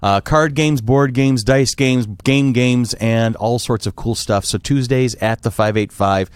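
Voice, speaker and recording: A man's voice: medium pitch, measured pace, clean tone, no room sound. A man hosting a casual podcast, running through upcoming events in a cheerful announcer manner. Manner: upbeat announcer-style event rundown. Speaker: podcast host.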